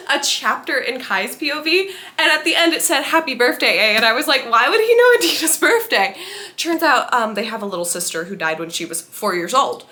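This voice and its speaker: A young woman gushing through a spoiler-filled book review. She is animated and quick to laugh, and her bright, higher voice swings widely in pitch as she reacts with exaggerated disbelief. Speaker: book vlogger.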